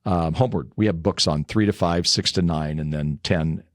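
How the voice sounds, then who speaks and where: Low-voiced older man telling family stories. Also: normal speed, dry recording, clean studio sound. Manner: chatty, anecdotal, laughs while telling stories. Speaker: guest. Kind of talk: casual interview storytelling.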